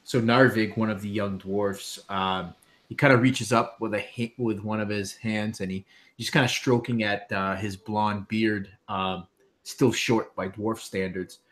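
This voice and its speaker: A man's voice: fairly low pitch, steady tone, a little slow, fairly bright tone. A man running a tabletop game as game master, narrating loosely with many fillers.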